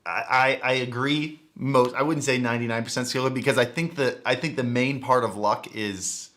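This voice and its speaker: A man chats casually on his livestream, reacting as he goes. He rambles, restarts his sentences, and corrects himself mid-thought. His voice sits at an ordinary middle pitch. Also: steady tone, moderate pace, a bit bright. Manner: rambling, self-correcting, thinks aloud. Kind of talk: casual stream commentary.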